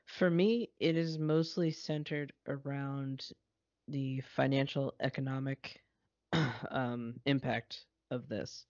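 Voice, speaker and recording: A man's voice: medium pitch, fairly even intonation, takes it slowly, a little mellow, no echo. A man co-hosting a podcast, blunt and sarcastic and swearing freely, recorded over an internet call. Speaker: podcast co-host. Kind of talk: casual chat. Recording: muffled dry call recording.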